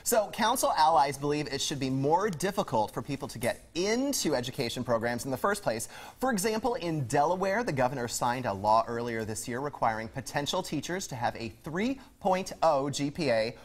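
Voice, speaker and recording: A man's voice: fairly high pitch, big pitch swings, brisk. A man co-hosting a live morning TV show in a studio, jet-lagged and joking around between news items. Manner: playful, joking, jumps into silly voices. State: tired from travel.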